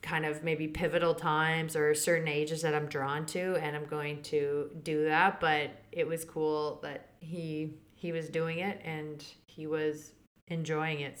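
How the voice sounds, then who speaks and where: A woman hosting a spiritual podcast, talking casually and chatting about her week and her courses. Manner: chatty, laughs often, quotes others with raised pitch. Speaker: podcast host and Akashic Records teacher. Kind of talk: casual chat.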